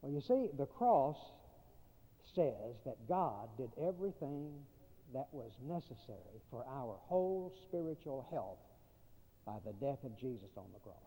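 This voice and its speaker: A man preaching a sermon, emphatic, repeating key phrases and swinging between loud and quiet passages. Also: medium pitch, sing-song, unhurried, husky. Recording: tinny phone-like audio in a reverberant hall.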